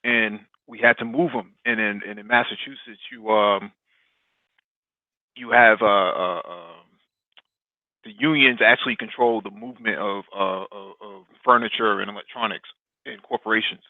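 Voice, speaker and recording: Halting man over a thin, phone-like line. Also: on the low side, steady tone, no room sound. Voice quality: halting, many fillers and restarts. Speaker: podcast guest. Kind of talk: casual chat.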